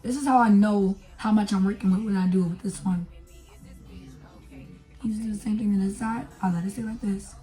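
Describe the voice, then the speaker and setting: A woman's voice: mid-range voice, steady tone, brisk, pauses often, dark tone, soft background music. A young woman chatting casually through a makeup tutorial, talking to viewers with lots of fillers as she works. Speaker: beauty vlogger.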